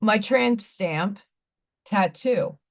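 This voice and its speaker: A woman's voice: mid-range voice, drawn-out words. A woman hosting a live stream, telling stories in a rambling, candid, blunt way. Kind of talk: casual chat.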